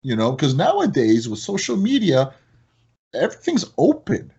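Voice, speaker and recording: A man's voice: moderate pace, husky, highs cut off. A man talking casually as a guest on a podcast, telling stories with a lot of energy. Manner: animated storyteller, rising high when excited. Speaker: podcast guest, product company owner.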